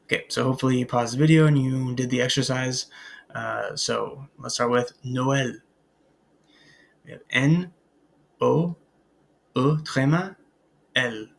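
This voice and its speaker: A man records a French lesson for his students, hesitant and full of ums and uhs as he spells names out one letter at a time. His voice has a gravelly, fry-laden texture, and he talks at an unhurried, slow pace. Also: medium pitch. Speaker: French teacher.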